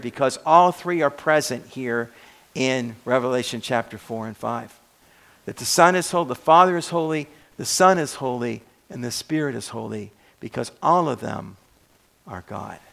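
A male pastor preaching a sermon, building up on repeated words and then dropping to a quiet close, with occasional restarts. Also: fairly high pitch, vocal fry. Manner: occasional restarts and self-corrections.

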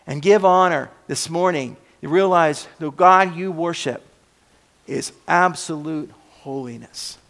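A male pastor preaching a sermon, building up on repeated words and then dropping to a quiet close, with occasional restarts. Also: a little high, measured pace, vocal fry. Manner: occasional restarts and self-corrections.

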